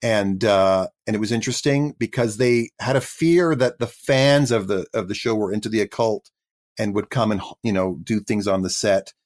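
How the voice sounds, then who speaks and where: A man in his fifties with a fairly low voice tells stories from his acting career as an interview guest. He is chatty and self-deprecating, often slipping into quick voices as he quotes people. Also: darkish tone. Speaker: guest actor. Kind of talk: casual interview storytelling.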